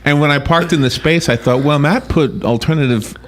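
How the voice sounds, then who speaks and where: A man's voice: a little high, a little fast. A man hosting a casual call-in radio show, chatty and laughing at his own stories.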